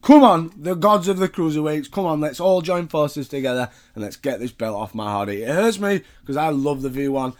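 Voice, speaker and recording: Casual podcast host; wry, chatty, slightly high voice. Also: male voice, animated, a little fast, few pauses. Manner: chatty, wry, swears freely. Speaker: podcast host recapping wrestling. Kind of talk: casual recap commentary.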